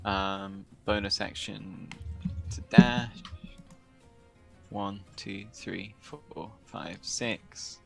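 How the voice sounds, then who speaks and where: A man at a tabletop game who speaks low and slow with a gravelly edge and counts out his moves. Faint music plays behind him. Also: steady tone, sharp tone. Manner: measured, counting moves aloud. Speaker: player.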